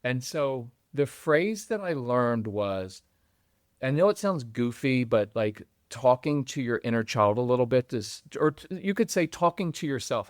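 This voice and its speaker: A man's voice: medium pitch, expressive, unhurried, no echo. Earnest older man, dry sound. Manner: earnest, heartfelt, rambling. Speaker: guest parenting coach. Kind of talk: podcast conversation.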